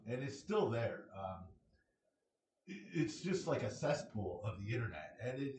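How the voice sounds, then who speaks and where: A man's voice: mid-range voice, slight background noise. A man ranting bluntly in a casual monologue, with many fillers and short laughs. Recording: echoey room, a bit far from the mic.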